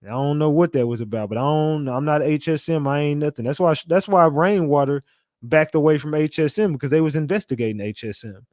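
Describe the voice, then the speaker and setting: A man hosting a call-in stream, talking bluntly with frequent swearing and thinking out loud. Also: fairly high pitch, fairly quick, dry recording, studio quality. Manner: blunt, profane, thinks aloud. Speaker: show host. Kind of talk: casual live-stream talk with callers.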